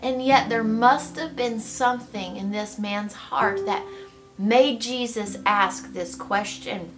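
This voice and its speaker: A woman giving a devotional Bible teaching in a reflective, gently expressive way. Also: on the high side, takes it slowly. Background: soft guitar music.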